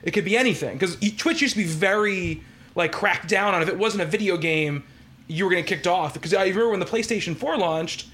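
High-voiced man rambling through a story. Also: fairly quick, fairly bright tone. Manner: rambling storyteller, many fillers and restarts. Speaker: podcast host. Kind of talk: casual podcast chat.

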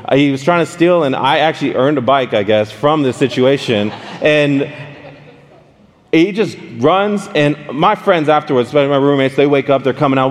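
A man preaching a casual, story-driven sermon, animated and speaking straight to his listeners with questions. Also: on the high side, normal speed. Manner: animated, addresses the audience directly with questions. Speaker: pastor. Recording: long hall reverb.

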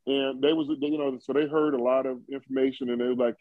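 A former football player from Ohio, a man in his fifties, tells a story in an interview, rambling with many fillers and chuckling often. His medium-pitched voice holds a steady tone, moving quickly with hardly any pauses. The recording is dry, dull and lo-fi.

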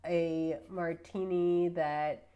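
A woman with a fairly low-pitched voice talks as a podcast guest. She rambles through her opinions in a loose, casual way and keeps dropping filler words between her points. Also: fairly even intonation, extremely slow, smooth, muffled recording.

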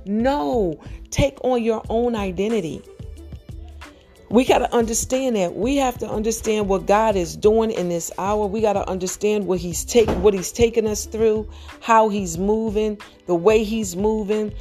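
Over faint background music, a woman with a mellow, medium-pitched voice gives a sermon on a podcast. Rhetorical questions come in rapid succession as she exhorts her listeners, rising to emphatic, urgent moments.

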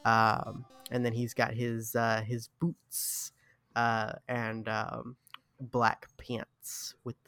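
A man hosting a tabletop game podcast, rambling and halting in casual chat with friends, laughing at himself. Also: mid-range voice, completely flat delivery, bright, forceful tone, faint music behind. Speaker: podcast host and player.

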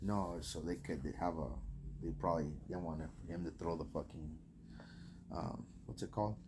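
A man from New co-hosting a casual podcast, laid-back and profane, trailing off into quiet asides. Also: low voice, moderate pace, noisy background. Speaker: podcast co-host. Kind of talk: casual chat.

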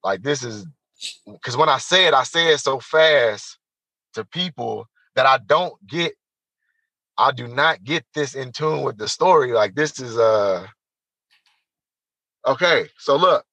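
Bright-voiced man telling an emphatic story. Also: mid-range voice, measured pace, long pauses, no room sound, poor audio. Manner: animated, emphatic storyteller who addresses listeners directly. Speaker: guest. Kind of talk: personal story told in an interview.

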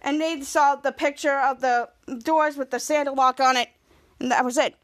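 High-voiced woman animatedly recapping a show. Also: normal speed. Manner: animated retelling, acting out characters' lines with gasps. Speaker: podcast host recapping a TV episode. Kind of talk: casual episode recap.

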